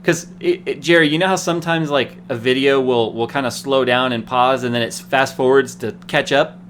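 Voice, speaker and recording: A man's voice: mid-range voice, moderate pace, a little hiss or hum. A man hosting a casual tech livestream, rambling and laughing while he tells stories. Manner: laughing, rambling, animated storytelling. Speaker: host.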